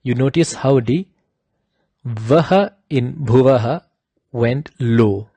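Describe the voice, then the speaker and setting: A man teaching the pitch accents of a devotional chant, explaining slowly and patiently and chanting drawn-out higher examples. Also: mellow, slightly rough, no room sound.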